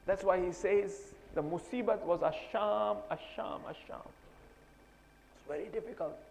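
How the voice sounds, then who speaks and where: Male preacher, gravelly and slightly high voice, emotional sermon storytelling in an echoing hall. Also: moderate pace, a little mellow. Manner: emotional storytelling, rising to impassioned pleading. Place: mosque hall. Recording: long hall reverb.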